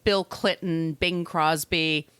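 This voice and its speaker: A woman's voice: low-pitched, steady tone, slow, fairly bright tone, clear, resonant tone, dry recording. A woman with an American accent, co-hosting a podcast in casual chat, joking and laughing often. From United States. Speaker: podcast co-host.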